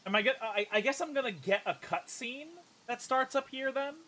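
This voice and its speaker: A man's voice: extremely high pitch, normal speed, pushed and bright. A man casually commentating his strategy game stream, thinking aloud and swearing. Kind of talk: let's play commentary.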